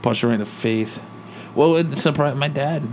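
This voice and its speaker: His voice is mid-range and his pace moderate, with slight background noise in the recording. This man from Arizona chats casually about road rage, performing the quotes animatedly and swearing throughout.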